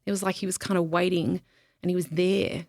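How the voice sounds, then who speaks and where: A woman speaks in a lowish, gravelly voice, telling a personal story as a podcast guest. She talks haltingly, often pausing, saying "um" and starting over. The sound is close and dry, with no room around it. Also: level tone, a little mellow, no room sound. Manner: halting, many ums and restarts. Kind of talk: emotional interview, personal story.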